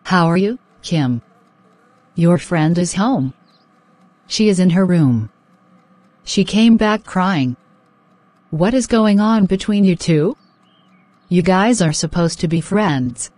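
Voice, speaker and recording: Brief: woman doing a firm cartoon mom, low and dry, calm but scolding. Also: slow pace, pauses often, no echo. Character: stern caring middle-aged mother. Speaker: voice actor in animated drama.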